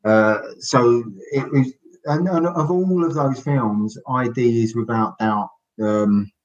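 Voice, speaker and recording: A man's voice: mid-range voice, slow pace, dull audio. A middle-aged man, a guest on a casual podcast who tells stories chattily and acts out quotes. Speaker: guest author.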